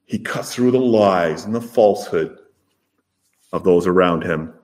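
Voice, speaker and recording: A man preaching a sermon, rising to loud emphatic peaks and then dropping to soft, low phrases. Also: a little slow.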